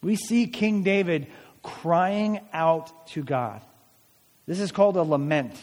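A man's voice: sits high, slow pace, a little mellow. A man preaching a sermon as pastor, dramatic and emphatic, asking rhetorical questions of the congregation. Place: church hall. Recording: long hall reverb.

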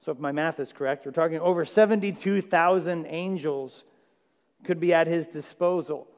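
A male pastor with a slightly high, darkish voice preaches at a moderate pace. His sermon is chatty and conversational, and he asks the audience questions to check in with them, all under a long hall reverb.

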